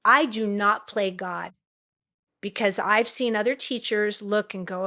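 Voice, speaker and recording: A middle-aged woman from Los Angeles, an acting teacher and coach, telling stories in a podcast interview and acting out quotes in a high, excited voice. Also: unhurried.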